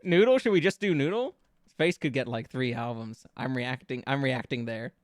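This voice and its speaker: With a medium-pitched voice at a moderate pace, a VTuber streamer brainstorms song lyrics in casual live-stream chat, giggling a lot, stammering as he restarts, and playfully bouncing lyric ideas off his viewers. The sound is clean studio quality without echo.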